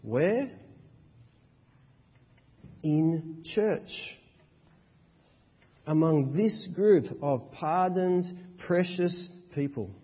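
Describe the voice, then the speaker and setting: A man's voice: fairly high pitch, drawn-out words, pauses often. A man preaching a sermon as a pastor, with emphatic, rhythmic repetition. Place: church hall. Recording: dull echoey church hall.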